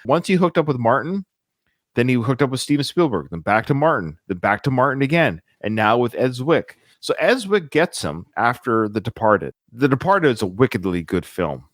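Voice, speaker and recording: A man's voice: mid-range voice, sing-song, moderate pace, no room sound, clean studio sound. A man hosting a casual film podcast, talking with enthusiasm and reeling off lists of film titles. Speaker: podcast host.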